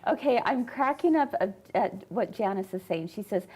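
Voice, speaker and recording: A woman's voice: mid-range voice, lively intonation, normal speed, darkish tone, slightly rough. A woman in her fifties hosting a live sewing show, chatting casually and laughing often. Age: 50s. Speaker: host.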